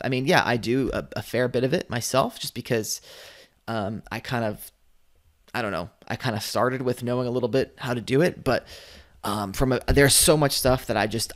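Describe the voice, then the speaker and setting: Casual rambling man teaching online business. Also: mid-range voice. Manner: rambling, filler-heavy, dryly sarcastic. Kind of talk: casual screen-share commentary.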